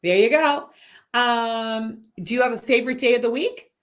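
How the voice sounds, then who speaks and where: Chatty woman host, high voice. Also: moderate pace. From Massachusetts. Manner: chatty, laughs often, many "um" fillers. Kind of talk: casual chat. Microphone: online video call.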